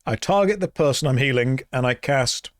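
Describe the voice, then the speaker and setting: A man's voice: medium pitch, lively intonation, normal speed, no room sound, studio quality. A man streaming a game, reading chat aloud and answering in a playful, exasperated way. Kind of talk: casual gaming stream chat.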